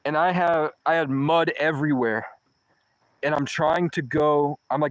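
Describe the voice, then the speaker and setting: A man's voice: a little high, fairly even intonation, a little slow, no echo, rough recording. A young man telling a long personal story in a rambling, profane way, often restarting mid-sentence. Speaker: vlogger. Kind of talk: casual storytelling monologue.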